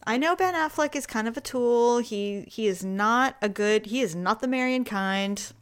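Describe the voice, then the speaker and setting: A woman's voice: a little high, normal speed, smooth. Woman co-host, casual chat, teasing and playful, a bit stuffy. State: stuffy from allergies. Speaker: podcast co-host.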